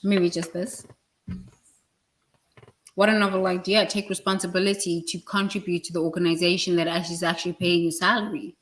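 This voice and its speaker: A woman's voice: lowish voice, steady tone, a little fast, fairly bright tone. A woman giving a blunt, preachy motivational talk about work and responsibility, swearing freely. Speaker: leadership speaker.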